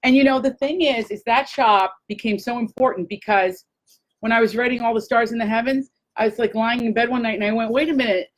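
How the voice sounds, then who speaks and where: A woman hosting a casual live chat, gushing and excitable, talking straight to her viewers. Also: fairly high pitch, fairly quick, rough recording. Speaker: host.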